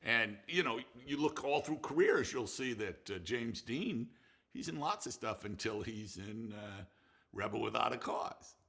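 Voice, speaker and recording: A man's voice: medium pitch, lively intonation, unhurried, creaky, fairly bright tone. An older man, a film director, telling rambling stories in an interview with frequent restarts and some swearing. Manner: rambling, profane, with restarts and laughter. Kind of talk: reminiscing interview.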